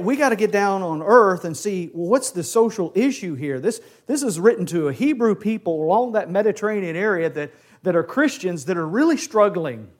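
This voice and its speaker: A man teaching a Bible class lesson, talking with energy and putting questions to his class. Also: sits high. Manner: animated, asks the class questions.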